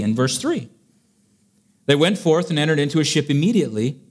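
Lively, chatty male preacher. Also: on the high side, fairly quick. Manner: chatty and playful, acting out Bible scenes; reads scripture in old-fashioned wording. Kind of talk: sermon.

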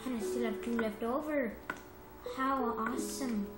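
Woman gameplay commentator, unhurried, excitable, self-correcting, phone mic in an echoey room with music behind. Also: fairly high pitch. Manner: chatty and excitable, corrects herself often. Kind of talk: rambling casual gameplay commentary. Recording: roomy echo with music behind.

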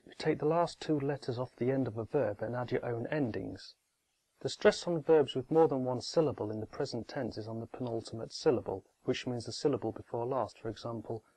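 A man narrating a scripted language tutorial in a measured, explanatory way, spelling out word forms one by one. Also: medium pitch, a little mellow, poor audio.

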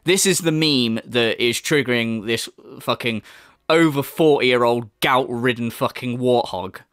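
A man's voice: medium pitch, measured pace, fairly bright tone, clear, resonant tone, no echo, clean studio sound. A man hosting a sarcastic commentary, swearing often and mocking what he reacts to. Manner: mocking, laughing, swearing, mimics voices. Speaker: commentary channel host.

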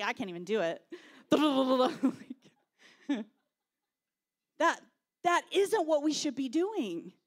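A woman pastor, preaching a sermon with animated storytelling and shouted quotes. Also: mid-range voice, husky.

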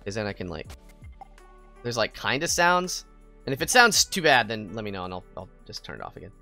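Lively American man streaming a game. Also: lowish voice, brisk, soft background music. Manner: playful, excitable, with sudden squeals. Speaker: VTuber streamer. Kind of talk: casual gaming stream chat.

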